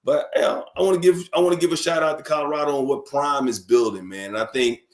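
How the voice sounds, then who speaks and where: A man from New York and Alabama, talking casually as a guest on a sports radio show, animated and emphatic, often repeating words when fired up. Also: on the high side, fast. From born in New York, raised in Alabama. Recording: echoey room.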